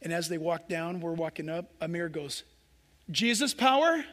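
A man's voice: a little high, completely flat delivery, brisk. A man preaching a sermon with passion, acting out the voices of people in his story. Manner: impassioned preaching, acts out quoted voices. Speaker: pastor. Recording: echoey hall reverb.

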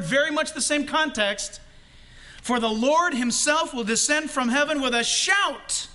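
A male pastor preaching a sermon with animated delivery, shouting the quotes he acts out and laughing often. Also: extremely high pitch.

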